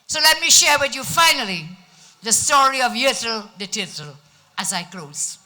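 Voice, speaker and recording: Brief: Trinidadian woman giving a rally speech, high and bright, emphatic. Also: animated, normal speed, rough recording. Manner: emphatic, rhetorical questions. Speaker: political speaker. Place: outdoor bandstand rally.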